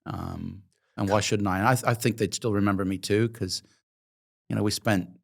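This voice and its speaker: A man's voice: on the low side, steady tone, moderate pace, vocal fry. A man in his fifties from Oregon, telling his life story in an interview in a reflective, emotional way with many hesitant ums. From Oregon, USA. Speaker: guest, coffee company founder.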